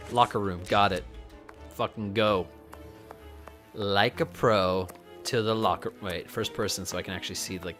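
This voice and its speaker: A woman's voice: rumbling low, a bit bright. A tipsy woman streaming a game, talking to herself with lots of swearing. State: drunk. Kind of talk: casual game commentary.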